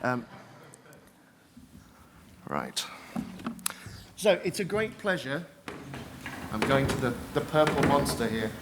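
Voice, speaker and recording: A middle-aged Englishman with a British accent delivers a conversational, self-deprecating keynote to a conference audience in a large hall. His mid-range voice swings widely in pitch, and he goes slowly with frequent pauses. He is heard from a distance through hall reverb and background noise.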